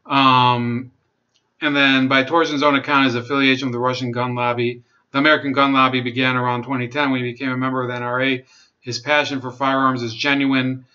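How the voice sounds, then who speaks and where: A man giving casual commentary, reading an article aloud and rebutting it with halting restarts and wry asides. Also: mid-range voice, flat delivery, bright, forceful tone. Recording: dull lo-fi sound.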